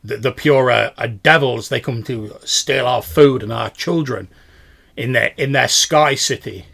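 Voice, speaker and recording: A man voicing a gruff, muscular male villager who distrusts outsiders. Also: mid-range voice, unhurried, fairly bright tone. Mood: grim.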